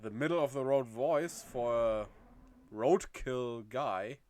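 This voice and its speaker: A man's voice: mid-range voice, takes it slowly, darkish tone. A man chatting casually on a game livestream, laughing often and reading chat aloud. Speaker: game streamer.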